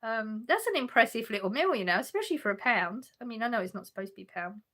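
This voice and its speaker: Bright-voiced woman chatting on stream. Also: a little high, lively intonation, fast. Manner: chatty, laughs often, restarts sentences. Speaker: livestream host reading chat. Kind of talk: casual chat with viewers. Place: on a sofa at home.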